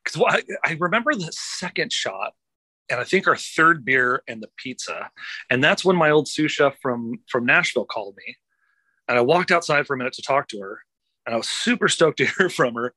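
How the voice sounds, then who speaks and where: A man's voice: medium pitch, expressive, fairly quick, pushed and bright, no echo, poor audio. A man co-hosting a podcast, telling a rambling story in casual chat, laughing and swearing freely. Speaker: podcast co-host. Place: outdoors by traffic.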